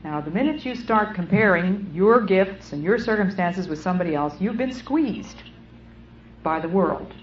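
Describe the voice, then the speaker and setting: A middle-aged woman giving an earnest, measured sermon with deliberate phrasing. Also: mid-range voice, expressive, a little hiss or hum. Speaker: speaker. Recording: muffled old recording in an echoey hall.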